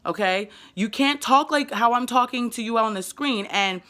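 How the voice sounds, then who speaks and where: Speaking directly to the camera, a vlogger in her 20s with a New York accent offers parenting advice in a fairly high, bright, forceful voice. She talks quickly and with emphasis, stumbling over and repeating words.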